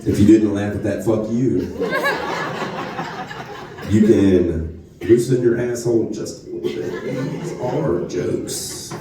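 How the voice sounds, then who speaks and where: A man's voice: on the low side, takes it slowly, long pauses, recorded from a distance, noisy background. A man with a North Louisiana Southern accent doing a live stand-up set, telling crude, profane stories full of asides. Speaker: stand-up comedian. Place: comedy club stage. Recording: echoey club room, voice from off mic.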